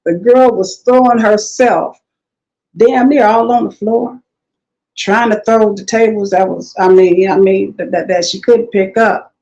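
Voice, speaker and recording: Animated woman telling a story, lo-fi. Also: mid-range voice, measured pace. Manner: animated storytelling, quotes others in lively voices. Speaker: guest. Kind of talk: casual conversational interview.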